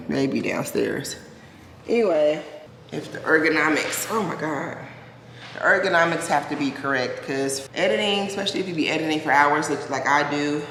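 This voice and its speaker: A woman's voice: low-pitched, slight background noise, low-quality recording. A woman in her forties vlogging in casual chat, blunt and profane with joking asides. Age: 40s. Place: in a car.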